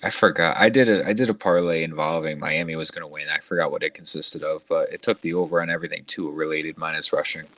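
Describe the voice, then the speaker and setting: A man's voice: rumbling low, fairly even intonation, fast talker, hardly any pauses, fairly bright tone, no room sound. A young man co-hosting a casual sports podcast, laid-back and teasing. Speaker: podcast co-host.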